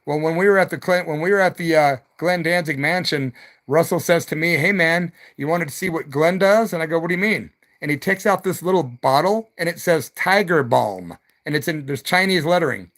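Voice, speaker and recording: A man's voice: fairly high pitch, a little fast, a bit bright. A middle-aged man, a rock musician, rambling through stories on his evening live stream with loose slang and the odd hoot.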